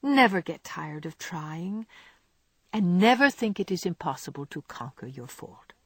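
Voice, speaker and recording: A woman voicing a gentle, patient middle-aged mother who speaks softly and soothingly, in an audiobook reading. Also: fairly low pitch, sing-song, measured pace, breathy edge, no echo, heavily acted. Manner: soft, hushed, soothing.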